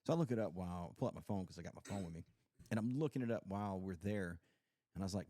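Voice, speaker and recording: A man with a drawl talks in a loose, rambling way, full of fillers and restarts as he tells his stories. His voice sits low and mellow, with a warm, dark tone. The recording is dry and close, with almost no room sound. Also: rapid-fire, no echo. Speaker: podcast host; Coast Guard veteran. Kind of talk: casual chat.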